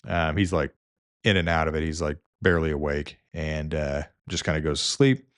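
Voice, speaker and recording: Low-voiced man telling nurse stories. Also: normal speed, clear, resonant tone, dry recording, studio quality. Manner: rambling, with many fillers and restarts. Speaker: nurse and video host. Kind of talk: casual storytelling.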